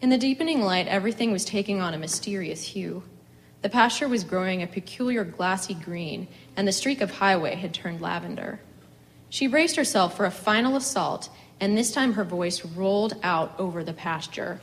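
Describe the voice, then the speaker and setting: A woman reading a story aloud in a measured, expressive way. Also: medium pitch, poor audio. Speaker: reader.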